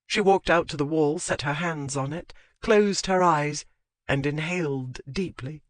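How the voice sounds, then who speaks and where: An audiobook narrator reading a historical romance in an expressive, lilting way. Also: mid-range voice, a little slow, dry recording. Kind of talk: scripted narration.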